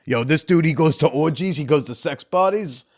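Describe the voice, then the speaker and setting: A man's voice: on the high side, moderate pace, voice pushed up. A man voicing a dim, boastful young alpha bro who talks in swaggering slang.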